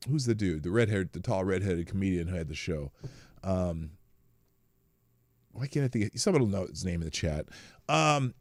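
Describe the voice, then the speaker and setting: Animated man hosting a live stream. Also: medium pitch, no room sound, studio quality. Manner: chatty, greets viewers in chat, wry asides. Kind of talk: casual live-stream chat.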